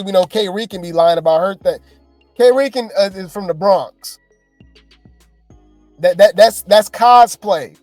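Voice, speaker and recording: A man doing reality TV gossip commentary, animated and exasperated, talking straight to his viewers. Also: high-pitched, no echo.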